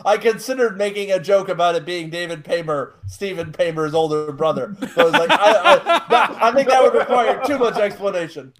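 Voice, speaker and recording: A man with a notably high speaking voice co-hosts a casual movie watch-along. He makes dry, deadpan remarks. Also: fairly quick, few pauses. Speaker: podcast co-host.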